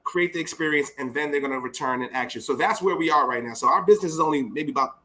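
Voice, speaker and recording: A man's voice: a little high, quick pace, bright, forceful tone. A man who hosts a podcast, talking in a casual, enthusiastic way and laughing often. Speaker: podcast host.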